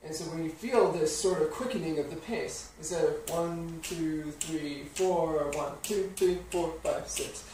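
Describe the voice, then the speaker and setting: Piano teacher counting beats, echoey room. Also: male voice, a little high, a little slow, few pauses. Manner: explains patiently, counting beats aloud. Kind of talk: instructional music lesson. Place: piano studio. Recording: roomy studio, distant mic, piano playing.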